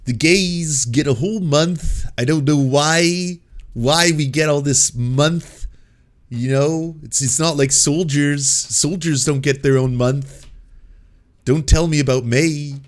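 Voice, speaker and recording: A man's voice: on the high side, slow, pitched above the performer's own voice. A man putting on a mocking impression of a self-satisfied male talk host, drawling and sneering.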